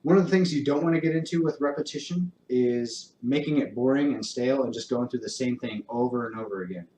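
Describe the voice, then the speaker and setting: A man working as a dog trainer, calmly explaining training steps in a clear, encouraging way during a live demonstration. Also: mid-range voice, quick pace, recorded from a distance. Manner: calm, encouraging, explains step by step. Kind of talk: instructional talk with live demonstration. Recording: roomy echo.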